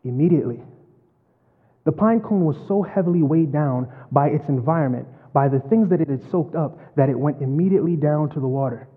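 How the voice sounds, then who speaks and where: A man preaching a sermon and telling a story, swinging from loud to hushed. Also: fairly high pitch, breathy edge. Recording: phone-like, long hall reverb.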